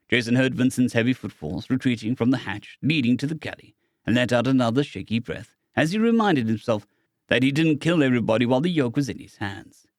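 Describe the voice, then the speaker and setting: A man narrates a science fiction audiobook in a steady, measured voice. His pitch is mid-range for a man. The recording is dry and close with no room sound. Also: dry recording.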